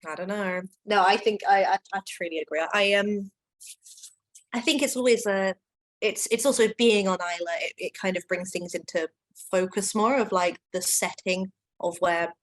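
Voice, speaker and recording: A woman's voice: mid-range voice, normal speed, rough recording. A woman working as a whisky brand ambassador, chatting casually and enthusiastically with plenty of fillers during an online tasting. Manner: enthusiastic, gushing, many fillers.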